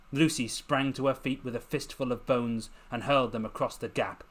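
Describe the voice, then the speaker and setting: A man reading his own fantasy novel aloud as narrator in a slow, measured, dramatic manner. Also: medium pitch, fairly even intonation, a bit bright. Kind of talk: scripted narration.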